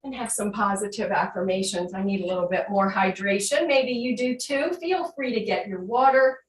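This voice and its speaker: A woman instructor guiding an online fitness class with calm cues, then leading slow breath work and affirmations. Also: medium pitch, recorded from a distance. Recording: echoey room, voice from off-mic, faint hum.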